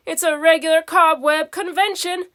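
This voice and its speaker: A woman's voice: very high voice, fairly even intonation, normal speed, fairly bright tone. A woman voicing a nervous, hungry male cartoon cat in a storybook reading, sounding whiny and jumpy. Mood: jittery.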